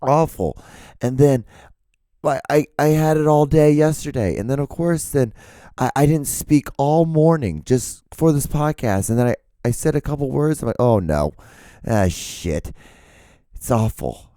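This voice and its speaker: A man hosting his own podcast in a loose, joking ramble, hoarse and gravelly as if he has lost his voice. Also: fairly high pitch, moderate pace, mellow, no room sound, clean studio sound. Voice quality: gravelly, smoker-like. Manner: loose, joking, swears freely. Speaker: podcast host.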